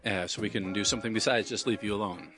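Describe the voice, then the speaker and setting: A man's voice: on the low side, quick pace, music in the background. A man with hiccups hosting a radio talk show as an estate attorney, talking in a rambling, conversational way.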